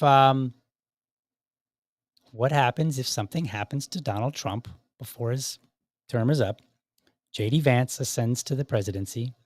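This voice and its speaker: A man's voice: mid-range voice, no room sound, clean studio sound. A man hosting a podcast, commenting sarcastically on clips and acting out imagined back-and-forth dialogue. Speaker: podcast host.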